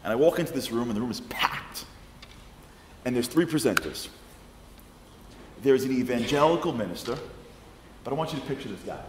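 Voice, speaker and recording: Animated male storyteller in an echoing hall. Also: medium pitch, fairly quick, long pauses. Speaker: guest lecturer. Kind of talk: storytelling public lecture. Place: large congregation hall. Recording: echoey hall, faint noise.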